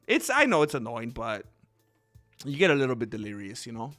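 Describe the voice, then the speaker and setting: A man's voice: medium pitch, a little fast, soft background music. A man hosting a casual livestream, telling stories animatedly with frequent laughter and reading chat aloud. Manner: animated storyteller who laughs often and reads chat. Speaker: channel host.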